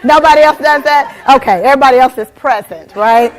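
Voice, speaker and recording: A woman in her forties telling a personal story in a lively keynote talk, calling out to audience members by name. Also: sits high, a little slow, pauses often. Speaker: motivational speaker.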